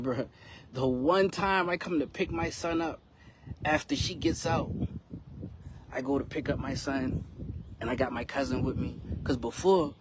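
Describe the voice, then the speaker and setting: A man's voice: mid-range voice, noisy background. A young man, a rapper telling his son a frustrating personal story in a casual, emphatic vlog full of slang. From South Carolina, US.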